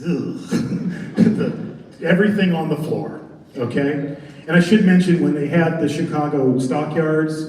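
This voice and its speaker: A man presenting on a convention panel as a haunted attraction designer, telling his story in an animated, joking way. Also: a little high, a little hiss or hum. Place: large convention center hall. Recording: echoey convention hall from far off.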